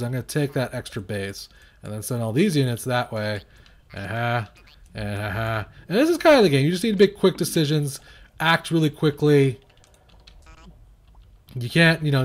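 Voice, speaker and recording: A young man giving rambling, self-mocking commentary while playing and reviewing a strategy game, now and then shouting at his units. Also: medium pitch. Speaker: gaming video reviewer. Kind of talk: casual gameplay commentary.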